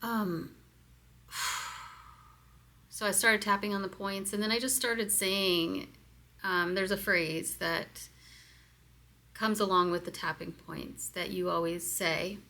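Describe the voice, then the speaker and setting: A woman's voice: medium pitch, steady tone, slow pace, long pauses, sharp tone. A woman giving a candid, hesitant self-help lesson, with many fillers as she explains step by step. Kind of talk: casual personal instruction video.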